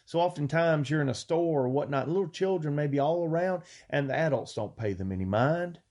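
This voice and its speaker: A man preaching a sermon, reading scripture slowly and earnestly and stressing key words. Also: on the high side, animated, darkish tone. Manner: earnest, drawn-out scripture reading with rising emphasis.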